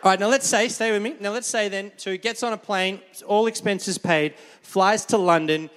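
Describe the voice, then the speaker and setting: A man's voice: high-pitched, fairly even intonation, normal speed, a bit bright. A man preaching a conversational sermon, calling for amens and laughing often as he brings a volunteer on stage. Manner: conversational, asks the crowd for amens. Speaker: pastor. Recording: long reverb of a large hall.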